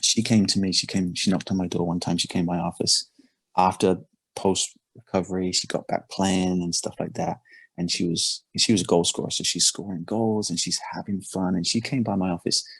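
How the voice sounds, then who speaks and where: Brief: male coach, low husky voice, dry close sound, earnest and halting. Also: level tone, a bit bright, dry recording. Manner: earnest, repeats words and restarts often. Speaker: performance coach. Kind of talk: casual podcast conversation.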